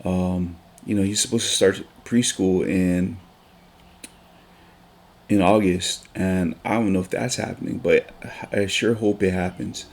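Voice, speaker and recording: A man, talking on a casual podcast in a deep voice. His tone is gravelly and full of vocal fry. He speaks earnestly, with frequent ums and restarts. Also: steady tone, a little slow, a little mellow. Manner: earnest, emotional, with many fillers and restarts. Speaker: teacher.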